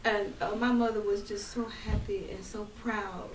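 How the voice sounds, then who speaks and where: A woman's voice: mid-range voice, little pitch movement, normal speed, a little hiss or hum. Older woman telling family stories, echoey. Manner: warm, laughing, emotional storytelling. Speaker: speaker at a family gathering. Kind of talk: heartfelt storytelling. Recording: echoey room, voice from far off.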